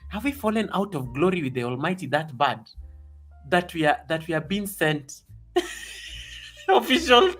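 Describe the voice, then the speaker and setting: A man with a bright, forceful voice pitched a little high hosts a casual live stream and chats excitably with his viewers. Soft music plays faintly behind him. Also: moderate pace. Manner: excitable, reading viewer comments aloud.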